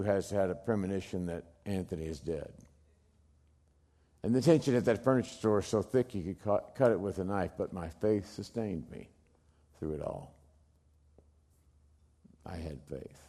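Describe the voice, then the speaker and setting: A middle-aged man giving a dramatic storytelling speech, emphatic, swinging from loud bursts to hushed low lines. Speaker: speaker telling a personal story.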